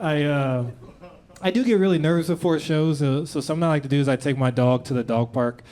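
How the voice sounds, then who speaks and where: A man doing a stand-up set in a club, animated storytelling with quick put-on voices. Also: on the high side. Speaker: stand-up comedian. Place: comedy club stage with audience. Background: audience laughter.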